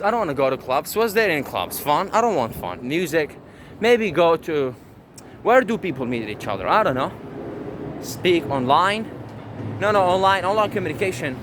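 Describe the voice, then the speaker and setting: A man's voice: a little high, sing-song, moderate pace, noisy background. Brash, swearing man ranting outdoors. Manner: brash, boastful, rambling with restarts and swearing. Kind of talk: profane monologue to camera.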